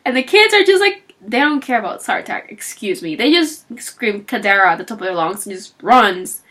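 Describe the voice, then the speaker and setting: Animated woman chatting about a book. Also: mid-range voice, moderate pace. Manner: animated storytelling, acting out characters' lines; chatty with frequent fillers and laughs. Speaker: book reviewer. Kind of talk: casual book talk.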